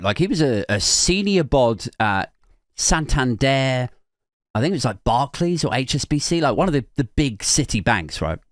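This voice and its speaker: Sardonic male podcast host, animated delivery, dry recording. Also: medium pitch, dry recording. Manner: chatty, sardonic, laughs at his own asides. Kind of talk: casual commentary reading news.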